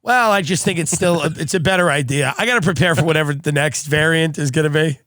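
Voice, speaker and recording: A man's voice: fairly high pitch, quick pace, a bit bright, no room sound, studio quality. A man hosting a comedic podcast, telling stories in a sarcastic, riffing way with frequent laughs. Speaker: podcast host.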